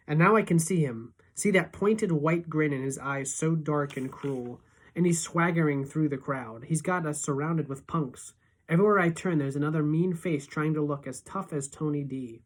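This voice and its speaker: A teacher reading a novel aloud in steady, expressive first-person narration. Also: female voice, deep voice, moderate pace.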